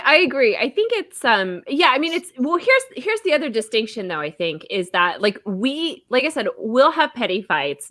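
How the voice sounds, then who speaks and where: A woman's voice: mid-range voice, a bit bright, no room sound. A young woman telling stories in a casual comedy podcast chat, filling her talk with "like". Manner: chatty, storytelling with lots of "like". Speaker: comedian guest.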